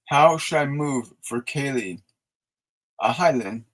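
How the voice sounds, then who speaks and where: A man hosting a live stream of spiritual guidance, talking softly and slowly as he leads breathing exercises and answers viewer messages. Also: medium pitch, rough recording. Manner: soft, slow, soothing guided instructions; reads viewer messages aloud and answers them. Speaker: psychic reader and host.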